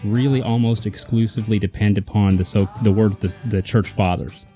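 A man's voice: fairly low pitch, steady tone, a little fast, mellow, faint music behind. A man teaching a Bible lesson in a casual, emphatic way, often checking in with his listener. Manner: conversational, emphatic, checks in with "right?".

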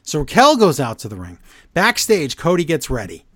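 A man co-hosting a casual wrestling podcast, poking fun at what he recaps. His voice sits a little high and swings widely in pitch. The sound is dry and close. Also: normal speed, dry recording. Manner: animated, exasperated, mocking the quotes.

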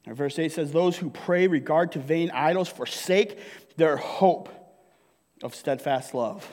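High-voiced male pastor in a reverberant hall. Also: measured pace, a little mellow. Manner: jokey, keeps asking the congregation "right?". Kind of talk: sermon. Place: church sanctuary.

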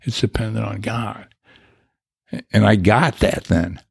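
Older man, gravelly and husky, reflective and rambling in conversation. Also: fairly low pitch, steady tone, a little slow, dry recording, studio quality. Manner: rambling, reflective, with restarts and chuckles. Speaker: guest. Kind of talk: personal recovery story, conversational.

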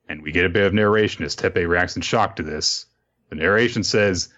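A podcast host with a low, deepish voice tells a story in an animated, casual way and swears freely. The sound is muffled, like a lo-fi recording. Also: male voice, normal speed. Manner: animated storytelling, profane asides. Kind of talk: casual recap of a manga chapter.

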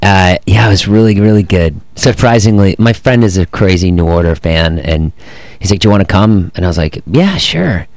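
Low-voiced man telling dry anecdotes. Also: fairly even intonation, a little fast, a little mellow, no echo. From Boston, US. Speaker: guest. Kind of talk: casual chat, storytelling.

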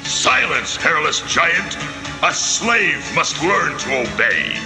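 A man's voice: on the high side, very animated, takes it slowly, creaky, sharp tone, slightly rough, dry recording, faint music behind, heavily acted. A man voicing a cruel albino rat ruler in a cartoon, commanding and contemptuous. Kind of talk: cartoon voice acting.

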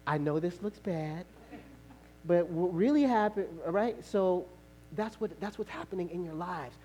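High-voiced animated preacher man. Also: normal speed, dull audio. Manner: animated, storytelling with acted-out dialogue and repetition. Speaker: pastor. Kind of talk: sermon.

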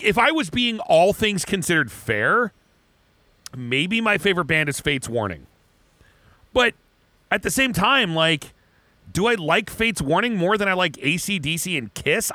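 A man co-hosting a podcast in loose, crude banter, restarting his sentences again and again. His voice is bright and forceful and swings widely in pitch. The sound is dry and close to the mic. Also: no room sound. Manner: rambling, crude joking, frequent restarts. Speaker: podcast co-host. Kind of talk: casual chat.

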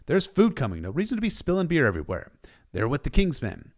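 A man's voice: medium pitch, huge pitch swings, fast. A man retelling a novel in a casual storytelling style, sometimes stopping for emotional asides. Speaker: book recap narrator.

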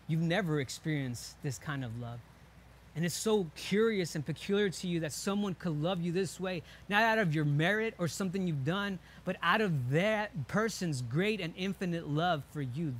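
A young man preaching a sermon as pastor, earnest, slowing down for emphasis and dropping soft on key lines. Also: sits high, husky. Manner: earnest, with slow emphatic pauses and soft drops.

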